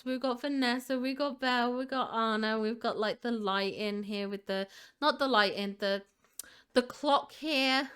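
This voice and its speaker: Gushing woman gaming host, smooth voice. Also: on the high side, moderate pace, a bit bright. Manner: gushing, enthusiastic, leans on filler "like". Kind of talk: casual gaming commentary.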